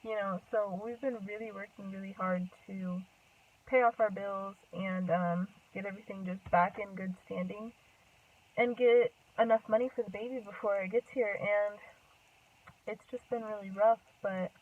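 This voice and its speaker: A woman's voice: medium pitch, steady tone, moderate pace. A young woman of about twenty tells a personal story to camera in a casual, rambling way, full of "like" and "um" and frequent self-corrections. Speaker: vlogger. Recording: tinny, phone-like sound from a distance off the mic.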